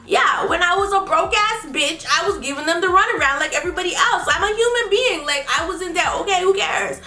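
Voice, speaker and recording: A young woman vlogger telling a casual storytime, animated and profane, often breaking into laughter. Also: extremely high pitch, fairly quick, hardly any pauses. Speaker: beauty vlogger. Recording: roomy with faint music.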